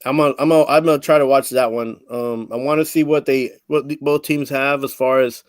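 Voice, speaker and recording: A man's voice: medium pitch, steady tone, fairly quick, no echo. A man co-hosting a casual sports talk show, teasing and disagreeing in banter.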